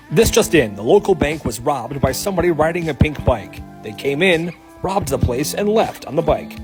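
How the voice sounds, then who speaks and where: A man telling quick comedy stories and acting out the people in them. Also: fairly high pitch, over music. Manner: animated storyteller, acts out characters. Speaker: comedy creator. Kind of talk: storytelling comedy skits.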